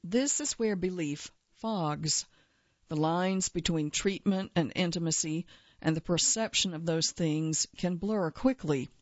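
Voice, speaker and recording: A woman's voice: fairly low pitch, measured pace, no room sound, highs cut off. A woman journalist telling a first-person feature story in a wry, dry way. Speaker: journalist narrator.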